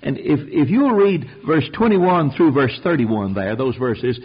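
Husky preacher man on old tape. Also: medium pitch, expressive, measured pace. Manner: folksy, emphatic, acts out quotes. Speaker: preacher teaching a Bible class. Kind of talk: Bible study sermon. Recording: dull old tape recording.

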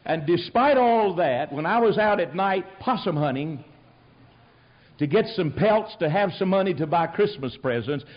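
A man's voice: on the high side, expressive, moderate pace, highs cut off. An older man from Tennessee with a Southern accent, preaching a sermon in a folksy storytelling manner that rises to emphatic exhortation.

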